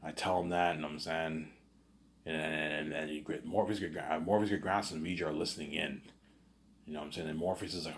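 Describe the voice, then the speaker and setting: A man's voice: rumbling low, fairly even intonation, brisk. A man telling a story in a casual, rambling way, stammering and repeating himself as he goes. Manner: rambling, stammering repetitions, constant "you know what I'm saying".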